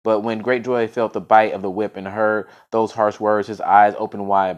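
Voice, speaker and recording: Male storyteller with a lowish voice; casual read-aloud of a folk tale, some stumbles. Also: little pitch movement, moderate pace. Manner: unscripted-sounding reading with frequent restarts and fillers.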